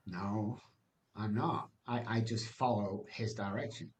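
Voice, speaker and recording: Give me a man telling a forceful, animated testimony as a podcast guest. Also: mid-range voice, moderate pace. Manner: animated storyteller, forceful, rhetorical questions.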